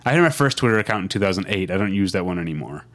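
A man in his forties with a Midwestern American accent co-hosts a casual podcast, rambling, interrupting himself with frequent restarts and laughing easily. His low voice is expressive and a bit bright, and he speaks rapid-fire.

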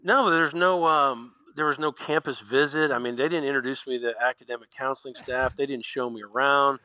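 Middle-aged Indiana man, lively guest storyteller with a bright, dry-miked voice. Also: mid-range voice, a little fast, dry recording. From Indiana, USA. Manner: animated storyteller, acts out quoted lines. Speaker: guest, former basketball player. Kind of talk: storytelling in a podcast interview.

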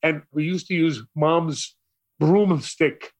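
Older Brooklyn man with a New York accent, slightly high voice, theatrical storyteller. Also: steady tone, slow. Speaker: radio DJ guest. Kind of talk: storytelling interview.

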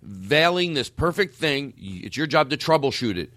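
A man telling a story in a lively, up-and-down voice, full of curses and acted-out quotes. The sound is close and dry, with no room around it. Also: medium pitch, moderate pace, no echo. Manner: animated, profane, acts out quotes. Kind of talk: casual comedic storytelling.

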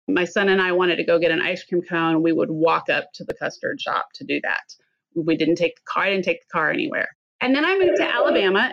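Casting note: middle-aged woman guest sharing a personal story, earnest and candid, slightly low voice, dull lo-fi line. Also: gravelly, fairly bright tone, dry recording. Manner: earnest, candid, at times choked up. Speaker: podcast guest.

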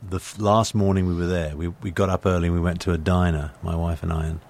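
A man's voice: low voice, flat delivery, fast talker, a little mellow. A man with an English accent telling anecdotes in a casual conversation, often restarting and repeating words. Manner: chatty storyteller with frequent restarts and stammered repeats. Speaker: actor, guest.

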